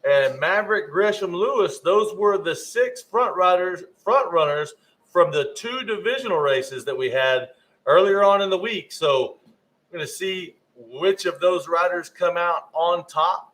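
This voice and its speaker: A man's voice: sits high, a bit bright, rough recording. A man giving live race commentary, often stumbling over rider names and correcting himself.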